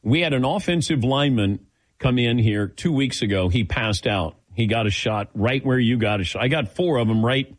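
A man's voice: medium pitch, moderate pace. An older man hosting a sports talk show, telling stories casually and acting out the dialogue. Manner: animated, acts out quoted dialogue. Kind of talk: casual on-air storytelling.

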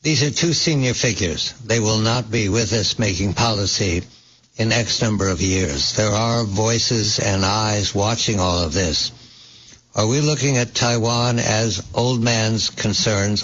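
Brisk, low-voiced male radio host. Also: a bit bright. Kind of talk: talk radio discussion. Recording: dull lo-fi broadcast audio.

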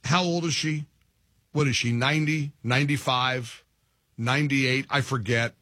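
A middle-aged man hosting a talk radio show, mocking and animated, laughing at his own jokes. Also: mid-range voice, normal speed, no echo, studio quality. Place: radio studio.

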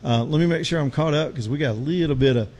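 A man's voice: fairly high pitch, fast, darkish tone, a little hiss or hum. A middle-aged man, hosting a talk show on location, chatting in a folksy, rambling way while out of breath. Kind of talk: casual talk radio chat with live ad reads. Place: outdoors on a road show.

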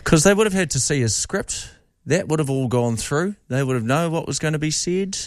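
A man's voice: on the high side, expressive, a little fast, no echo, studio quality. A middle-aged man hosting a breakfast radio show, bantering and taking calls. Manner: joking, takes calls. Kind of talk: casual radio chat.

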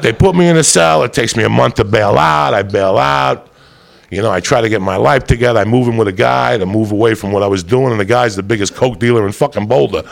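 A man with a deeply gravelly, fry-laden voice at a middling pitch tells a long story, swearing freely. He is animated, and his voice jumps up into loud put-on voices whenever he quotes someone. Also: fast talker. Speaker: comedian telling a story. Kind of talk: profane storytelling monologue.

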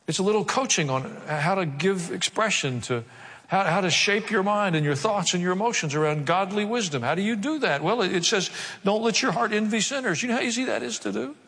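A man preaching from the pulpit, with a voice pitched a bit high. He reads scripture and breaks into wry asides, then presses his points with dramatic emphasis. His words ring out with a long reverb, as in a large hall. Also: lively intonation, fairly quick, a bit bright, slightly rough. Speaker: pastor. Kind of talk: sermon.

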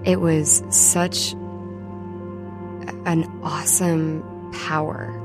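A woman recalls events slowly, pausing and restarting. Her voice sits a little low. Faint music plays beneath her. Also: level tone. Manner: halting, reflective. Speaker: wildfire survivor. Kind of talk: recorded oral history interview.

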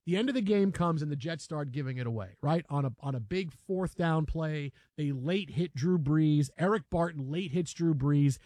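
A man with a fairly high voice hosts sports radio from a studio, telling an animated story. The sound is dry and close. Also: moderate pace, few pauses, dry recording. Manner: animated storytelling, acts out shouting fans. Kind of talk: casual sports radio chat.

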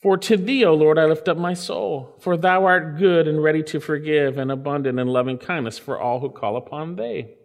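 A man preaching a sermon, reading scripture slowly and swinging his voice up and down for emphasis. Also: vocal fry, in a large hall. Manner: preaching with sweeping pitch swings and drawn-out scripture lines. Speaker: pastor.

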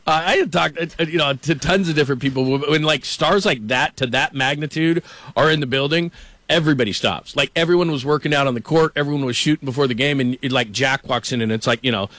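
A man's voice: mid-range voice, fairly bright tone, dry recording. Man, sports radio host, casual banter, lots of "like", laughs a lot, dry close studio sound. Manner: rambling, laughs often, many "like"s. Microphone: studio microphone.

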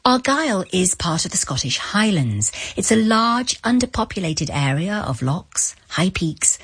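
A woman presenting and interviewing, asking gentle, probing questions. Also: fairly low pitch, sing-song, a little slow, few pauses, slightly rough. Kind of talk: radio-style presenting and interviewing.

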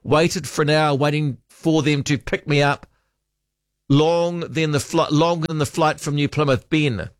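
A man's voice: on the high side, fairly even intonation, measured pace, dry recording, studio quality. A man hosting talkback radio, chatting casually and reading out listener texts, often trailing off with hesitant ums.

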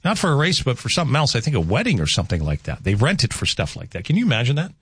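Animated, rambling male radio host. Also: racing, husky. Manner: rambling, self-mocking, animated with pitch jumps. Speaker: radio morning show host. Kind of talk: casual radio chat. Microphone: studio microphone.

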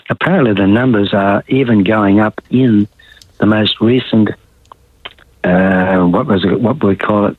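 A man's voice: lowish voice, no room sound. An older Australian man calling into a talk radio show, blunt and rambling as he airs his opinions. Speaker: caller. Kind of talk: casual talk radio call. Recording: tinny phone line.

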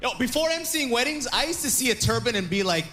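A man's voice: extremely high pitch, fast. A young man performing a stand-up comedy set, acting out the voices of the people he quotes. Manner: animated, acts out quoted voices, laughs through lines.

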